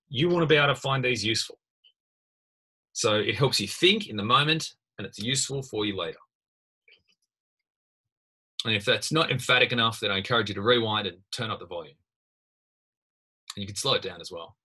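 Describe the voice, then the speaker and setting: A man's voice: mid-range voice, brisk, pauses often, bright, forceful tone, slightly rough. A man lecturing in a casual screen-recorded tutorial, thinking aloud with many fillers and restarts. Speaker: university lecturer.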